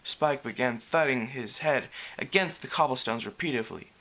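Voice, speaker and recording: Man reading a story aloud, bright voice. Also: mid-range voice, normal speed. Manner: lively reading, fixing slips as he goes. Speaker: reader. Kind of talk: reading fan fiction aloud.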